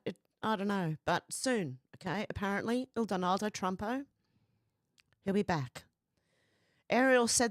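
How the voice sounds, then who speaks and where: A woman's voice: mid-range voice, no room sound, clean studio sound. A woman hosting a casual commentary vlog, chatty and repeatedly breaking into laughter. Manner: giggly, chatty, prone to laughing fits. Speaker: vlog host.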